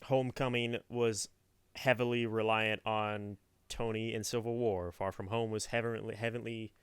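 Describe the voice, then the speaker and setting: Young adult man, podcast co-host, smooth resonant voice, dry close sound, opinionated. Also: lowish voice, flat delivery, moderate pace, no echo. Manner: opinionated, talks through his points at length. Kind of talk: casual chat.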